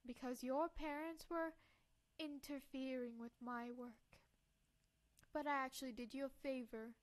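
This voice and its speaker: A woman's voice: sits high, steady tone, a little slow. A woman putting on a cold, smug old doctor. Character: sinister old man, cold and calm doctor.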